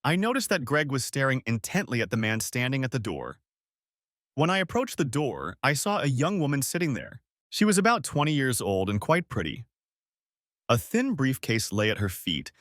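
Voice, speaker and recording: Lively male audiobook narrator, dry sound. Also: medium pitch, moderate pace, no room sound. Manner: reads a first-person story in an even storytelling tone. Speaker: story narrator.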